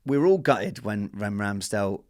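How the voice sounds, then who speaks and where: A man, co-hosting a studio podcast and talking football in an excitable, animated way. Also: on the low side, normal speed. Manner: excitable, animated fan talk. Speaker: podcast co-host. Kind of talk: casual football chat.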